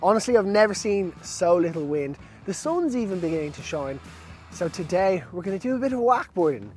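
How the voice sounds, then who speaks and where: A man with a light, high voice talks chattily to camera outdoors on a lake, upbeat and quick to laugh at himself. Music and a boat engine play behind him. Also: very animated. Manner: chatty, upbeat and self-amused. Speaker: wakeboarding vlogger. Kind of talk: casual chat to camera.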